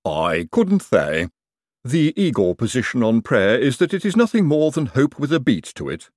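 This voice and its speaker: A man's voice: medium pitch, very animated, moderate pace, darkish tone, no room sound, clean studio sound, voice pushed up. A man reading an audiobook and voicing a blunt male lab servant who speaks with a lisp. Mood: terse. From Uberwald. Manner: lisping, blunt.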